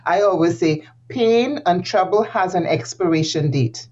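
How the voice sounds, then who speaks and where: A woman's voice: on the low side, measured pace, darkish tone. A woman guest speaks earnestly in a conversational interview, stressing her points and repeating key phrases, with frequent light laughs. Her voice comes through slightly dull, lo-fi audio.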